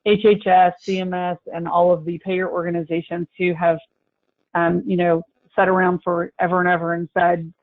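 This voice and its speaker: A man consulting on healthcare coding in a webinar discussion, explaining in a measured, deliberate way. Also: sits high, little pitch movement, no room sound. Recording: tinny phone-line audio.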